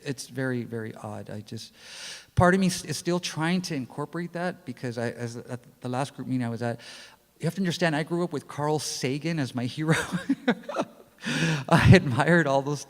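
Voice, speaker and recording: Middle-aged man, candid first-person account, loose and rambling with fillers, mid-pitched voice, long reverb. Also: normal speed. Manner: rambling, many fillers, self-deprecating laughs. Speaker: interviewee sharing a personal experience.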